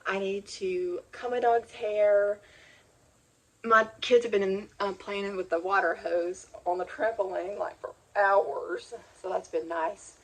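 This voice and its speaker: A woman's voice: mid-range voice, fairly even intonation, slow, rough recording. A woman chatting casually as a homeschooling mom vlogger, rambling and heartfelt. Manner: rambling and chatty, with many restarts and "like"; heartfelt, near tears. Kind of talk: casual sit-down chat.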